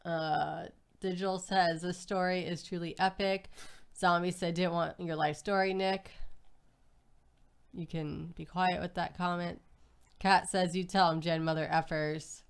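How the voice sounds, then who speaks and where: Smooth low-voiced woman reading chat. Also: flat delivery. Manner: reads out viewer comments with quick asides. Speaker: co-host reading viewer chat. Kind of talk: casual live-stream chat.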